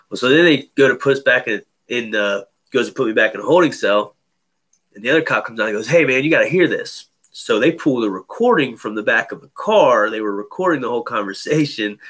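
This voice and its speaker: A man's voice: fairly low pitch, bright, forceful tone. A man telling a personal story in casual chat, loose and profane, full of fillers. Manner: loose, profane, many fillers like "you know".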